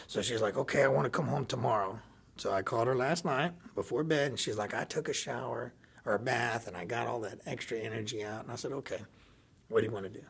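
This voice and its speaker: Animated man telling a story. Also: medium pitch, fast talker, gravelly, breathy edge. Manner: animated, laughs often, acts out dialogue. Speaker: podcast guest. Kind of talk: casual storytelling.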